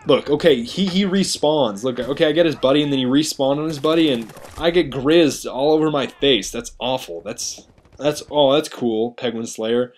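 A man's voice: medium pitch, moderate pace. Rambling man narrating gameplay. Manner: rambling, self-mocking, chatty. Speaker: gaming commentator. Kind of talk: video game commentary voice-over.

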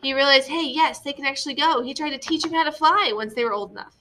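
A young woman teacher with a bright, forceful tone and a slightly high voice walks students through a writing lesson. She is patient and methodical, often pausing to ask "okay?". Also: a little hiss or hum. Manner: patient, explains step by step with frequent "okay?" checks. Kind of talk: classroom lesson on story structure.

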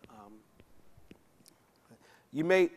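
A man, a pastor, teaching a Bible study in a conversational, folksy way. He keeps checking in with his listeners and slips into casual slang. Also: extremely slow. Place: church sanctuary. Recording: long church hall reverb.

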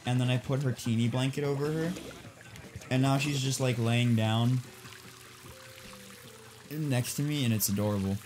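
A young man joking his way through a let's-play session, his voice sitting in an ordinary middle pitch. He rambles, laughs often and keeps the banter loose. Faint music plays quietly underneath. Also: normal speed, long pauses. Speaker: co-host of a gaming channel.

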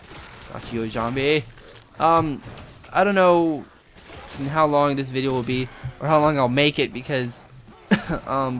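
A young man giving live gameplay commentary, excitable and rambling, swearing and yelping often. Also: fairly high pitch, slight background noise.

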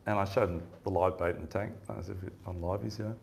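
A man's voice: deep voice, fairly even intonation, fast talker, vocal fry. A man giving a fishing seminar, telling rambling stories in a casual chatty way and laughing often. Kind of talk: casual storytelling talk. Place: seminar room with audience.

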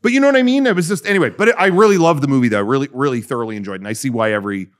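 A man's voice: medium pitch, expressive, racing. Rambling man on a podcast. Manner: rambling, frequent fillers and restarts. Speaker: podcast co-host. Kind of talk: casual chat.

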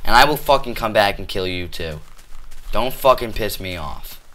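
A man playing a video game on his own channel, swearing constantly and trash-talking the animals in it, switching between shouting and muttering. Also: fairly low pitch, expressive, moderate pace. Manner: flips between angry yelling and muttering. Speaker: gamer. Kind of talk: cursing let's play commentary.

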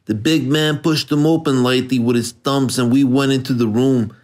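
A man narrating a hardboiled crime audiobook in a steady, measured manner. His voice sits at an ordinary middle pitch. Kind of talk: scripted narration.

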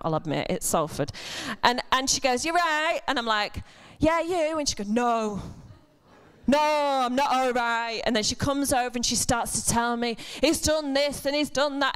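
A woman preaches to a church congregation in a relaxed, chatty way. Her voice sits a little high and sounds smooth and resonant. She drifts into self-deprecating humor and quick asides. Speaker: church speaker. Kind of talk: conversational sermon. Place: church service before a congregation.

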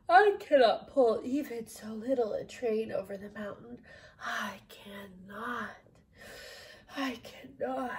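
A woman voicing a tired, rusty old male train engine in a storybook, speaking slowly and wearily and fading to a whisper. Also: high voice, a little mellow. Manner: slow, weary, fading to a whisper.

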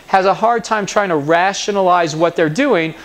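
A man's voice: high voice, normal speed. A man giving a conference talk, telling an anecdote and mimicking the people in it. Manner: animated storyteller, mimics other people's voices in anecdotes. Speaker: conference speaker. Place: conference hall.

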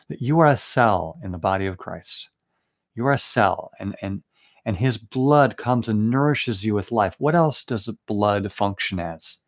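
Earnest man giving a casual sermon. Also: on the low side. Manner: conversational, earnest, with restarts and asides. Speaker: preacher hosting a Bible study. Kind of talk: informal sermon.

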